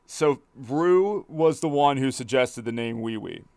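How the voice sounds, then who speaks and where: Slow, hesitant man narrating gameplay. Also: mid-range voice, animated, a little mellow, clean tone, dry recording, clean studio sound. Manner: hesitant, stammers and repeats words. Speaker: gaming video host. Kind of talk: casual gameplay commentary.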